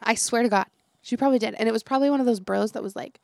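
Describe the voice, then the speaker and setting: Her voice sits on the high side, racing along with a creaky texture on a dry recording. She is a young teacher co-hosting a casual podcast, a chatty storyteller who acts out quotes and often breaks into laughter.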